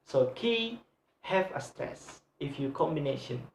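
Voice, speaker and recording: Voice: medium pitch, animated, measured pace, creaky, slight background noise. A student giving a recorded class presentation on word stress, hesitating often with filler sounds and repeating each example word several times. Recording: echoey room.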